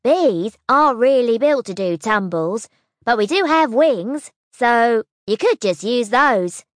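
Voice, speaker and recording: A woman voicing a tall, clever female honeybee who explains things in a measured, matter-of-fact way. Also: on the high side, lively intonation, no room sound, studio quality. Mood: explaining.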